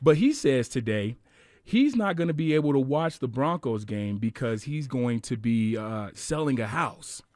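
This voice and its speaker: A man's voice: mid-range voice, expressive, normal speed, darkish tone, no echo. A man co-hosting a sports radio show, chatting and telling stories in a studio. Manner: chatty, tells stories and jokes. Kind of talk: casual sports radio chat. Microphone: studio microphone.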